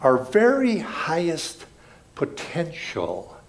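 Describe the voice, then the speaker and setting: A man's voice: a little high, wildly swooping pitch, takes it slowly, gravelly. A man giving an earnest, reflective spiritual talk at a ceremony, telling stories as he goes. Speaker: spiritual speaker.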